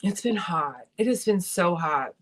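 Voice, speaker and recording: A young woman chats on a livestream while doing her makeup, her voice sitting a little low. She talks bluntly and heatedly, ranting with frequent swearing. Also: lively intonation, unhurried, background noise. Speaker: beauty vlogger hosting a livestream.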